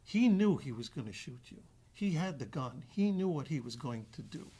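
A man telling a guest anecdote in an animated way, acting out the voices of the other people with frequent restarts. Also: medium pitch, moderate pace, breathy edge. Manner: acts out quoted dialogue with restarts. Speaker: actor guest.

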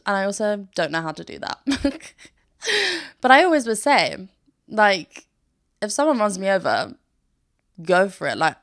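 A woman's voice: on the high side, fairly bright tone. A young woman hosting a podcast in casual chat, bubbly and oversharing, laughing often between her sentences. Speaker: podcast host. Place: bedroom, sitting on the floor.

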